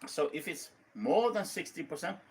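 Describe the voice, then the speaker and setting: A man who is a preacher, making measured, reflective remarks in a casual conversation. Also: on the high side, animated, darkish tone. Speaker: preacher, guest.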